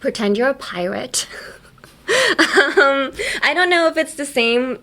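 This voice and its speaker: A woman's voice: high voice, expressive, measured pace, a bit bright. A woman hosting a podcast, teaching English pronunciation in a casual, playful way and laughing often. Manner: playful, laughs often, explains with silly examples.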